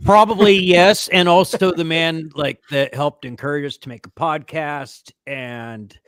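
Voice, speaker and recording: A man's voice: a little high, unhurried, smooth, no room sound, clean studio sound. A man in his forties co-hosting a podcast, telling nostalgic stories in a casual chat. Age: 40s. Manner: animated, nostalgic storytelling. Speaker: podcast co-host.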